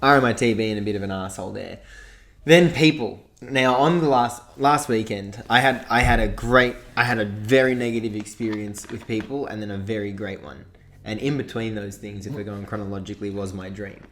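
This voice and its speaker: A man's voice: fairly low pitch, fairly quick, a bit bright. A young Australian man, a podcast co-host, telling a long story in casual chat and swearing freely along the way.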